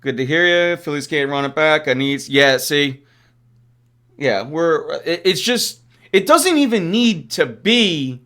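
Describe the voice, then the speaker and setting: A man's voice: a little high, lively intonation, takes it slowly, fairly bright tone. A man hosting a live-streamed sports talk show, ranting casually, swearing and chuckling at his own sarcasm while answering chat. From Philadelphia area.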